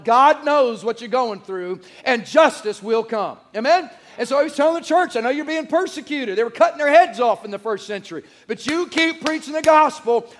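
A male pastor preaching in a church, his voice strained, hoarse and squeaky from days of shouting. He speaks at a strikingly high pitch and keeps the congregation engaged with lively call-and-response. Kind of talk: sermon. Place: church sanctuary.

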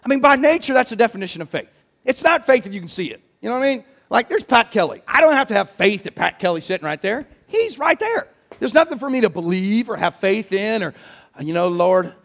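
A man preaching a sermon in an animated, joking, emphatic way. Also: sits high, fairly quick. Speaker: pastor.

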